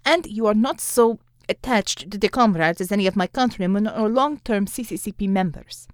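A woman voicing a stern, cold female commissar who speaks in a clipped, flat way through clenched teeth. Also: mid-range voice, normal speed, no room sound, clean studio sound, natural voice. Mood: commanding.

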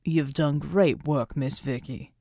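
A courtly, steady male superhero, voiced by a woman reading an audiobook, speaking slowly in a low, warm tone. He is formal and polite, with a mellow sound in a dry, close recording. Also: dry recording, lightly acted. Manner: formal, polite, calls her "Miss".

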